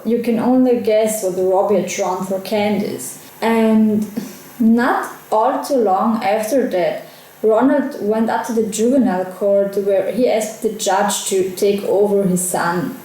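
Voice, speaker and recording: A woman's voice: mid-range voice, mellow, very echoey, low-quality recording. A woman narrating a true crime case in a conversational way, adding her own asides. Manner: conversational, personal asides while recounting events.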